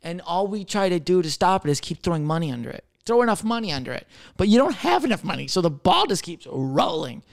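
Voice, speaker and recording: A man in his thirties, a comedian hosting a podcast, rambling casually with lots of swearing and jokes, swinging from loud to mumbled. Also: high voice, big pitch swings, fast, vocal fry, hardly any pauses. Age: 30s. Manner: profane, jokey, rambling, jumping between loud and mumbled.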